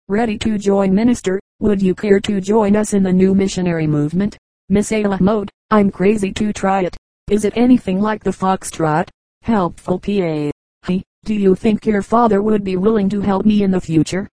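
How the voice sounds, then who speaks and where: A woman reading short humorous anecdotes for an audiobook in a measured way, lightly marking the quoted speakers. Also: mid-range voice, fairly even intonation, dark tone, dry recording, rough recording. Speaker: audiobook reader.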